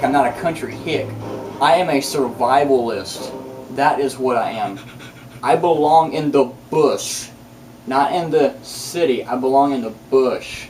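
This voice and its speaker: A man rambling through a casual vlog monologue, boastful and profane, full of restarts. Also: fairly high pitch. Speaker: channel host. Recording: distant mic with loud music behind.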